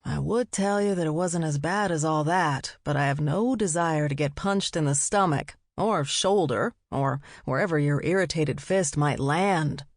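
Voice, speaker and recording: A man's voice: fairly high pitch, normal speed, hardly any pauses, no room sound, lightly acted. A woman narrator voicing a patient male detective boyfriend who teases in a dry way. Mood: dry teasing. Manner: dry, gently teasing.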